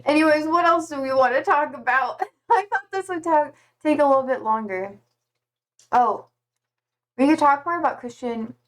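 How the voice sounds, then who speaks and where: A woman chatting casually on a live stream, playful and giggly. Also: sits high. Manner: giggly and playful, slow drawn-out talk.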